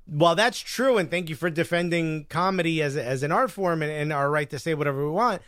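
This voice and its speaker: A man co-hosting a live-streamed comedy podcast, talking in a casual, animated way and slipping in teasing jokes. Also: on the high side, fairly quick, no echo, clean studio sound. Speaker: podcast co-host. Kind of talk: casual chat.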